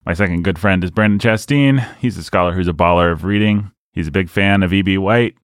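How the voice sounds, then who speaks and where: A man's voice: low-pitched, brisk, dry recording, clean studio sound. A man hosting a casual book podcast, playful and rambling in his jokes, tired from a sleepless night. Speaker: podcast host.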